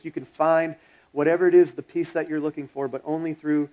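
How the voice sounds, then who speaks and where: A man's voice: a little high, fast talker, mellow, poor audio. A pastor preaching a sermon in a blunt, exhorting, conversational way, retelling a story as he goes.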